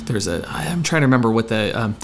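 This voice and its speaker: A man co-hosting a podcast in casual chat, rambling and halting with many restarts. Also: medium pitch, animated, a little hiss or hum. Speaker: podcast co-host.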